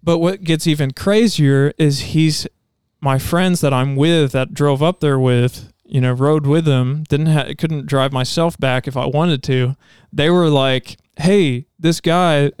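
A man's voice: on the high side, fairly even intonation, unhurried, hardly any pauses, a little mellow, clean tone, dry recording, clean studio sound. A man on a podcast sharing a personal testimony in casual chat, telling it earnestly and rambling, with many restarts. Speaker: podcast co-host.

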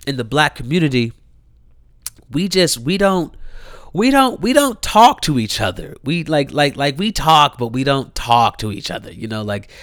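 A young man with a mid-range voice tells a personal story in loose, casual chat. He rambles with constant fillers and swearing and jumps up high when he is incredulous. The sound is dry and close. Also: fairly bright tone, no room sound. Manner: jumps high in pitch when voicing disbelief.

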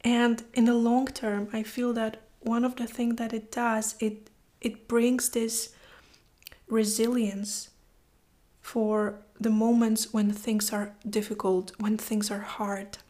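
A woman speaking in a heartfelt, reflective personal monologue, often dropping to a soft whisper and moved to tears. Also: a little high, little pitch movement, slow. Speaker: vlogger.

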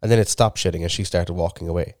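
A man's voice: sits low, steady tone, fast, a little mellow, no echo. A man, co-hosting a podcast and telling a long sweary story in casual chat. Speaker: podcast co-host.

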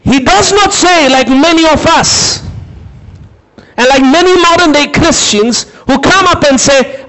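A man preaching a sermon, dramatic, shouting some phrases and dropping low and slow for others, asking listeners to repeat words after him. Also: low-quality recording. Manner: dramatic, swings from high emphatic shouts to low slow intense delivery.

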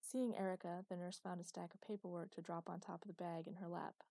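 Female audiobook narrator, mellow and dry. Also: on the low side, flat delivery, brisk, vocal fry, no echo.

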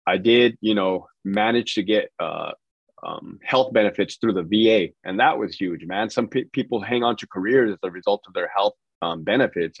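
A man's voice: fairly low pitch, no room sound, muffled recording. A man in his forties, a podcast guest, talking casually in a laid-back, profane way with many fillers. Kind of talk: casual interview talk.

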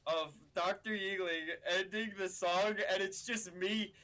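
A young man co-hosting a podcast, reminiscing excitedly in casual chat, laughing as he talks. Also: high voice, a little slow, a crowd in the background, rough recording. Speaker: podcast co-host.

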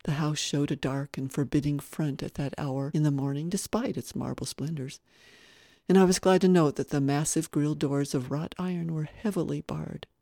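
An audiobook narrator reading a first-person tale in an even, mid-pitched voice. The tone is warm and mellow, recorded close and dry. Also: normal speed, creaky, no echo.

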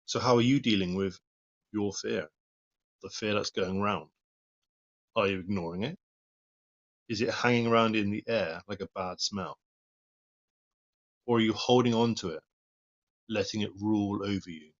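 A man's voice: lowish voice, moderate pace, long pauses, dull audio. A man giving an informal devotional talk, reading Bible verses and commenting on them in an earnest, plain-spoken way. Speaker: lay preacher.

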